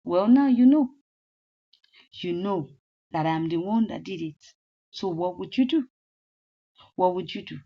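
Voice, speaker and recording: A woman's voice: lowish voice, expressive, unhurried, long pauses, voice pushed down. A woman voicing a scheming, spiteful young woman who taunts and airs her resentment. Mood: taunting. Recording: slightly muffled lo-fi audio.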